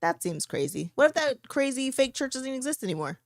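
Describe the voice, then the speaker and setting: A young woman co-hosting a casual podcast, playful and giggly, often firing back quick questions. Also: high voice, sing-song, dry recording, studio quality. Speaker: podcast co-host. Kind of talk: casual chat.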